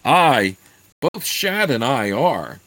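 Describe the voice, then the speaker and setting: A man's voice: mid-range voice, very animated, slow pace, fairly bright tone, no room sound, heavily acted, rough recording. A man doing a tall earnest boy. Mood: confessing. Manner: earnest, plain-spoken.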